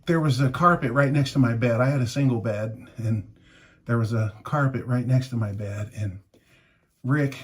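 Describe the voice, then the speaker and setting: A man's voice: medium pitch, normal speed, husky. Rambling middle-aged man telling stories. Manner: rambling, anecdotal, chuckling. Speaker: shaving product reviewer. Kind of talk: casual vlog storytelling while shaving.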